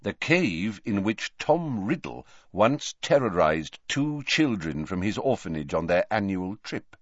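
A calm, grave old wizard, read by a male narrator, speaks softly and with great patience. His delivery is measured and quiet. The recording is dry and slightly dull. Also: lowish voice, dry recording. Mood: grave, careful.

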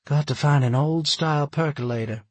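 A man's voice: a little high, normal speed, a little mellow, breathy edge, dry recording, pitched above the performer's own voice. A man doing a wry, practical woman.

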